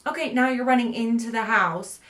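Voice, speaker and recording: A woman's voice: a little high, a little fast, fairly bright tone, roomy sound. A woman talking casually and animatedly as a book vlogger, laughing often as she reviews a horror novel.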